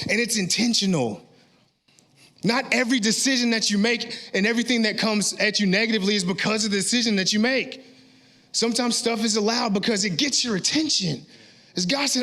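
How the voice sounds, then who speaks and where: In a church sanctuary, a male pastor delivers an animated sermon in a high-pitched voice, rising to shouts at his peaks. He frequently checks in with the congregation by asking "all right?"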